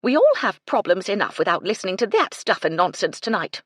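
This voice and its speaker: A woman's voice: medium pitch, big pitch swings, fairly quick, slightly rough, no room sound, studio quality, pitched above the performer's own voice. A woman voicing a fussy, irritable woman who speaks sharply and testily. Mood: irritated. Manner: sharp, testy, exasperated.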